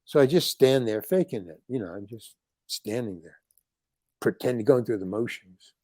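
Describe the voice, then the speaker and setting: An older man, a guest on an interview show, telling a long anecdote in an animated, rambling way and acting out the lines of the people in it. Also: mid-range voice, normal speed, no room sound. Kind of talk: storytelling anecdote.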